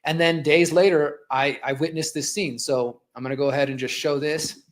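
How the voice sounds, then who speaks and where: A man in his forties hosting a live show with a slightly higher voice. He tells a personal story in an impassioned, conversational way. He talks viewers through video clips as he goes. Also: fairly even intonation, moderate pace. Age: 40s. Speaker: host.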